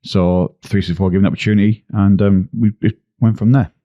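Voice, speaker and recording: A man in his forties from Middlesbrough with a Teesside accent, a podcast guest telling his story in a relaxed way with many ums and restarts. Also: fairly low pitch, fairly quick, dry recording, dull audio. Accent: Teesside English. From Middlesbrough, England. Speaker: podcast guest, security installer. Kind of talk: casual podcast chat.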